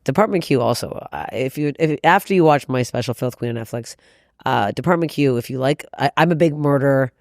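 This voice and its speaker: A woman comedian chatting as a podcast guest, loud and quick to swear and laugh. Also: very deep voice, gravelly, no room sound, studio quality. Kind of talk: casual podcast chat.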